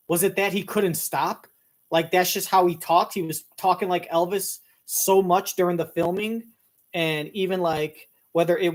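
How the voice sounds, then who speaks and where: A man ranting comedically, crude and rambling, jumping between impressions. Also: high voice. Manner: rambling, crude, animated, slips into voices. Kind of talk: profane comedic rant.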